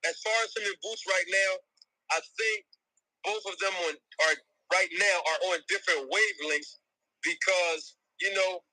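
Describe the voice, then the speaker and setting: A man's voice: high-pitched, fairly even intonation, moderate pace, sharp tone, no echo, low-quality recording. A man, a boxing manager, talking emphatically in a podcast discussion.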